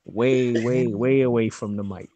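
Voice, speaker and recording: A man's voice: mid-range voice, fairly even intonation, measured pace, mellow, no room sound, muffled recording. A man co-hosting a casual sports talk show. He goes along easily with his partner, chiming in with short agreements before making his own points. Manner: agreeable, backs up the other host with short replies. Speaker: podcast co-host.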